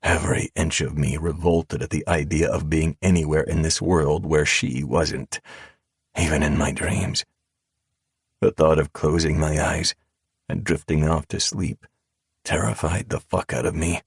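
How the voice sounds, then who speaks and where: A male narrator reads a first-person audiobook in a calm, measured drawl, his voice extremely deep and unhurried. The sound is husky, and the close studio recording is completely dry. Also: no room sound. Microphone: close studio mic.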